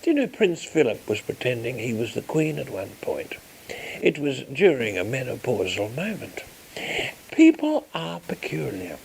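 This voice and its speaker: A man's voice: mid-range voice, huge pitch swings, normal speed, gravelly, darkish tone, slight background noise, poor audio. A man playing a flamboyant, vain Australian grande dame with an Australian accent, theatrical and witty in an interview. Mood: mock indignant. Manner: theatrical, grandiose, swooping delivery. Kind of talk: in-character interview.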